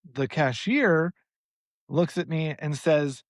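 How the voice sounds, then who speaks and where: A man's voice: a little high, unhurried, no room sound. Exasperated man telling a story. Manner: animated, exasperated storytelling with swearing. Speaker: podcast co-host. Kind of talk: casual storytelling chat.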